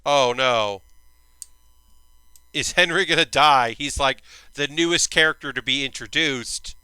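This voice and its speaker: Bright, crisp-voiced man recapping anime. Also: medium pitch, no echo, low-quality recording. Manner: rambling, filler-heavy, enthusiastic. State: tired, yawning. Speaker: streamer and host. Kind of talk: casual anime recap chat.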